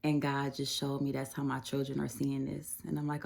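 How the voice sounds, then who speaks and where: A woman sharing a casual devotional message, conversational and reassuring, with frequent fillers and soft laughs. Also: sits low, little pitch movement, moderate pace, vocal fry. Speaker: Christian devotional speaker.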